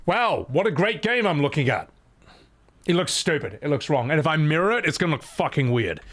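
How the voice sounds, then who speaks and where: A man's voice: fairly high pitch, big pitch swings, brisk, fairly bright tone. A young man giving chatty, swearing let's-play commentary while talking to his chat. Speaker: streamer. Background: game music.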